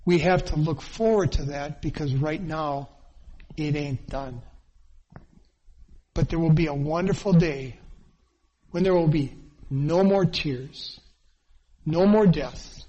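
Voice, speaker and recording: A man's voice: a little high, takes it slowly, pauses often, warm tone, muffled recording. A man preaching a sermon, earnest and dwelling on phrases with emphatic repetition. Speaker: pastor.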